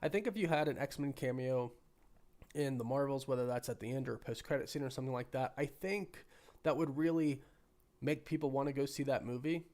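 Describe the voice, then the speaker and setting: A man with a cold, hoarse and sniffly, hosting a casual live stream and chatting with viewers while thinking aloud. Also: medium pitch, fairly quick, darkish tone. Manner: rambling, thinking aloud with many restarts. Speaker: livestream host.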